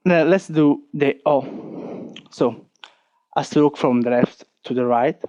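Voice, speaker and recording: A man with an Italian accent teaches an online lesson at an unhurried pace, his voice sitting a bit higher than most men's. He repeats each step and counts strokes patiently. The sound is dull and muffled, and dry. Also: darkish tone, no room sound. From Italy. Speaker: language teacher.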